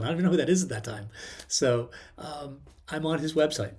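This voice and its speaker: A man's voice: a little high, quick pace, darkish tone. A man hosting his own channel, telling a personal story in a casual, rambling way with many ums and restarts. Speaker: channel host.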